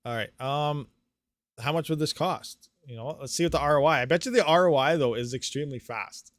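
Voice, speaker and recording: A man hosting a live stream, thinking aloud through calculations with excitable bursts and laughs. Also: on the high side, a little fast, dry recording, studio quality. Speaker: crypto mining streamer.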